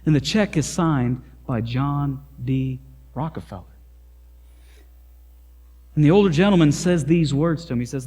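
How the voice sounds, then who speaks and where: A male pastor preaching in an animated, emphatic storytelling manner. His voice sits a little high, and a long reverb rings out after each phrase. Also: unhurried, long pauses. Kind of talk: sermon with storytelling.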